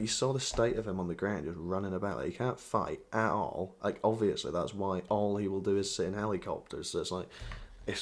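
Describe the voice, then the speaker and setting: A man giving heated, profane gameplay commentary, mocking and ranting about another player. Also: sits low. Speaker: gaming commentator.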